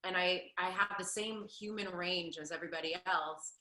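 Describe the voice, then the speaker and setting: A woman in her thirties, a stage performer, answering interview questions in an animated, chatty way with lots of fillers. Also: on the low side, normal speed, reverberant, poor audio. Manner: animated, laughs often, many fillers. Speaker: Broadway performer, guest.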